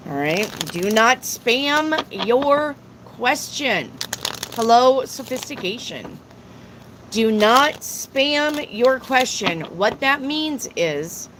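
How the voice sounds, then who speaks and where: A woman's voice: a little high, fairly bright tone, slight background noise, low-quality recording. A woman hosting a live tarot reading stream, chatting casually and answering viewers' questions one by one, repeating herself as she goes.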